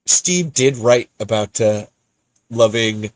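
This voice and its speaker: A man's voice: medium pitch, slow pace, no echo. A man hosting a podcast in casual, rambling livestream chat, breaking off mid-thought and laughing often. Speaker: podcast host.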